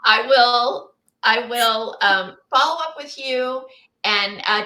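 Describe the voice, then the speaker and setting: Woman cohost pep-talking on a podcast, bright kinda high voice, roomy echo. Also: slow, slight background noise. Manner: emphatic, coaching tone. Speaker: co-host. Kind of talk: casual podcast chat giving business advice.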